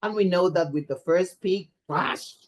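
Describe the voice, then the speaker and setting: This is a lowish female voice belonging to a teacher trainer addressing teachers at a workshop. She comes across as animated and expressive, regularly checking in with "right?"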